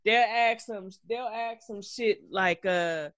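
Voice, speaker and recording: A man co-hosting a podcast, recapping reality TV in an animated, gossipy way with plenty of cursing. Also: high-pitched, slow, no echo, clean studio sound. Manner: animated, gossipy, profane storytelling. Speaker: podcast co-host. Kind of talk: casual reality-TV recap chat.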